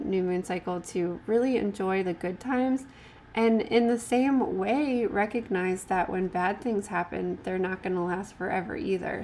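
Woman, tarot reader, gentle rambling talk, mid pitch, faint room hum. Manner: gentle, rambling, many fillers and restarts. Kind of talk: casual tarot reading with card text read aloud.

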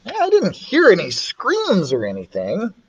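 A man reading a children's chapter book aloud, expressive and playful, switching voices for the characters. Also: unhurried, slightly rough, muffled recording. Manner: expressive, voices the characters with big pitch swings. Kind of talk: storybook read-aloud.

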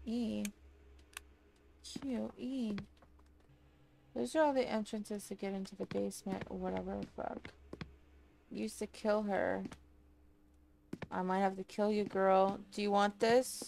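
A woman's voice: medium pitch, steady tone, measured pace, gravelly, pauses often. A woman streamer giving casual gameplay commentary, chatty and apologetic, swearing and laughing often. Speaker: streamer playing a horror game.

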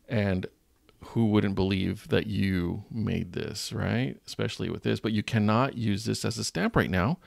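A low, heavily gravelly male voice, recorded close and dry. He is a teacher walking viewers through a design tutorial, cracking self-mocking jokes as he works. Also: measured pace, no room sound. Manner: jokey, self-deprecating, thinking aloud. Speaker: teacher and channel host.

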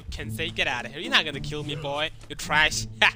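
A man's voice: on the high side, brisk, hardly any pauses. A young man giving casual gameplay commentary, trash-talking and swearing at opponents. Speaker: gaming YouTuber. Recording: game music underneath.

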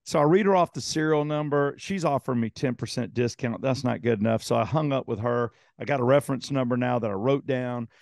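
A man with a gravelly, creaky voice co-hosts a podcast and tells a long, rambling story full of swearing. His voice sits at an ordinary pitch. It is recorded close and dry. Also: fairly quick, few pauses, no echo. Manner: rambling, swears, animated retelling. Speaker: podcast co-host. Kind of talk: casual storytelling chat.

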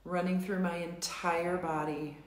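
A woman coaching a live tapping session, saying slow, repeated affirmations for viewers to echo. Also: lowish voice, level tone. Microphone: live stream recording.

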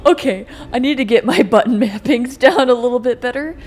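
A woman streamer excitably talking to herself while playing a game, swearing and reacting loudly. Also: fairly high pitch, brisk, slight background noise. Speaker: gameplay streamer. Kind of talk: let's play commentary.

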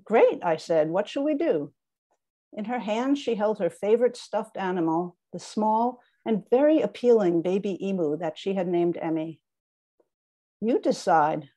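Middle-aged author lady reading her memoir, dry wry delivery, warm mellow voice. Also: medium pitch, normal speed.

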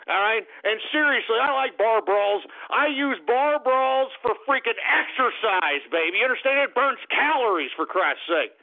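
A man hosting a talk radio show with a brash, profane, swaggering rant, a bit tipsy from beer, heard over a tinny phone-like line. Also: sits high.

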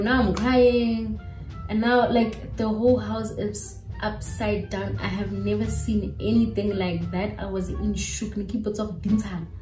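Animated South African woman, echoey room. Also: mid-range voice. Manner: animated, chatty storytelling. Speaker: YouTuber. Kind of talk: storytime vlog. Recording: echoey room with faint music.

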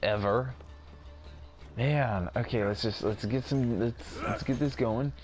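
A man with a mid-range voice speaks slowly as he gives casual gameplay commentary, rambling and poking fun at himself while he plays. He's a gaming video creator, with game music underneath.

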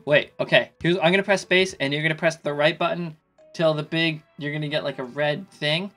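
A slightly drunk man giving casual let's play commentary, excitable and swearing in sudden panicky outbursts. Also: a little high, moderate pace, faint music behind. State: tipsy. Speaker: gaming YouTuber.

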